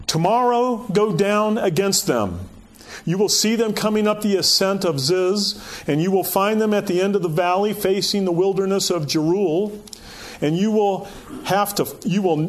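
A man preaching in a conversational way, reading scripture aloud and asking the listeners rhetorical questions, often saying "you know". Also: sits high. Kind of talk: conversational sermon.

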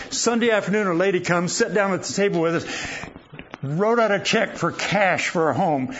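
High-voiced older man preaching folksy stories. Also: husky. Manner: folksy, chuckling, anecdotal. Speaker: guest preacher. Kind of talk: sermon with personal storytelling. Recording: dull lo-fi recording with faint noise.

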